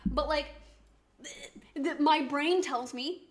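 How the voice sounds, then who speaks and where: A woman's voice: sits high, slow. A woman streaming and chatting casually, rambling with lots of fillers. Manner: chatty, rambling with many likes and rights.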